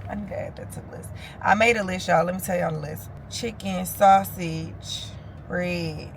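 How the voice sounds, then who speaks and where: A woman's voice: on the low side, steady tone, moderate pace, gravelly, slight background noise. A young woman vlogging in a loose, chatty and informal way, talking straight to her viewers. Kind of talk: casual vlog chat to camera.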